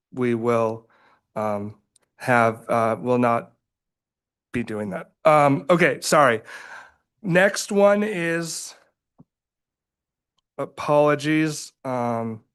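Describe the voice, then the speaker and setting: A man's voice: mid-range voice, fairly bright tone, clean tone. A man chairing a public budget committee meeting, hesitant and apologetic with many fillers.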